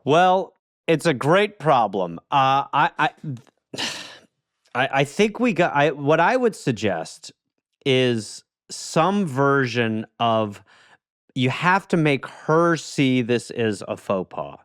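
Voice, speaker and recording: Brief: male comedy podcast co-host, quick riffing advice-giver, close dry studio mic. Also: medium pitch, sing-song, a bit bright, no room sound. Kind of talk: comedic casual chat.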